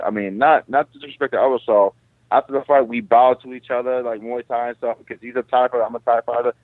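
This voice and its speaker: A man who is a guest fighter, telling stories in an animated, profane, casual way. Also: medium pitch, quick pace, no room sound. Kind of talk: casual interview. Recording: tinny phone line.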